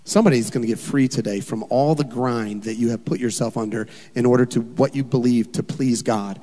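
A male pastor preaching a sermon in an animated, emphatic way, full of rhetorical questions. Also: medium pitch, brisk, hardly any pauses. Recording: long hall reverb.

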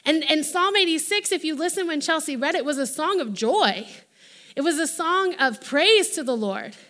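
A woman delivers a sermon in a high, bright voice. She is animated and lively, and she slips into playful quoted voices to act out her points. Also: moderate pace. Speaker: preacher.

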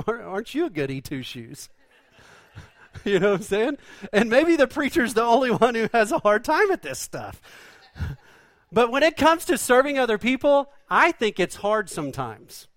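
A man's voice: very high voice, big pitch swings, normal speed, long pauses, a bit bright, no echo. A man preaching a sermon in a folksy, conversational way, full of rhetorical questions. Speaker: pastor.

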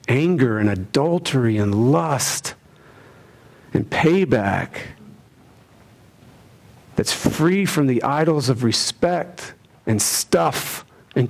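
Man preaching an emphatic sermon. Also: on the high side. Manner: emphatic preaching with rhetorical questions, swinging between loud and hushed. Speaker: pastor.

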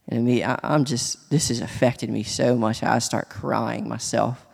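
A man sharing a personal testimony in church, speaking earnestly and haltingly, with many restarts. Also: mid-range voice, steady tone, vocal fry. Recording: long hall reverb.

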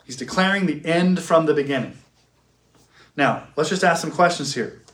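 A man giving a classroom theology lecture. He asks questions, answers them himself, and slows down to stress key words. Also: on the high side, a bit bright. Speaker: teacher. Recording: echoey room.

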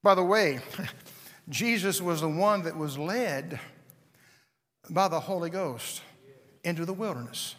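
A man preaching in a church sanctuary, his high voice carrying a long reverb through the hall. He is dramatic, sinking to near whispers and then climbing to ringing shouts. His tone is bright and forceful as he acts out the characters in his story. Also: lively intonation, slow pace, pauses often. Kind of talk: sermon.

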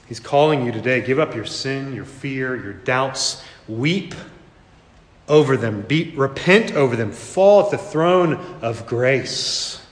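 A man preaching a sermon as a pastor, earnest, slowing down and repeating phrases for emphasis. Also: mid-range voice, lively intonation. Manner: earnest, with dramatic slow emphasis and repetition. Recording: echoey hall reverb.

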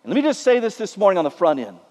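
A man's voice: high-pitched, wildly swooping pitch, rapid-fire, a little mellow, big-room sound. A man preaching a sermon as a pastor, in a conversational way with many filler uhs.

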